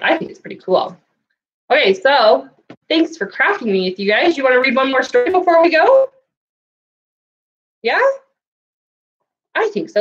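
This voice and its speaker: A woman leading a children's story time and craft lesson, speaking in a sing-song, animated way and doing animal sounds for kids. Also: fairly high pitch, muffled recording. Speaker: children's librarian.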